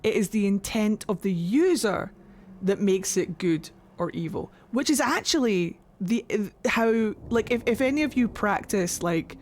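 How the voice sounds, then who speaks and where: A woman's voice: medium pitch, expressive, a little slow, a little mellow, slight background noise. Brief: chatty Scottish woman streaming a game, rambling, cussing, mid-range voice. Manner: rambling, swears freely. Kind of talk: casual live-stream chat.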